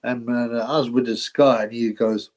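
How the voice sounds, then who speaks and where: A man's voice: medium pitch, fairly even intonation, moderate pace, a little mellow, low-quality recording. A man hosting a live boxing stream, chatting casually, rambling, laughing often and thanking his viewers.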